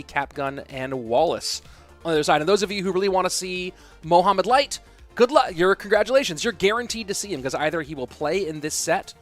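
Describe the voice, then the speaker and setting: Slightly high-voiced male esports caster. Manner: loose and conversational, thinking aloud. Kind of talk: casual stream chat reading viewer questions.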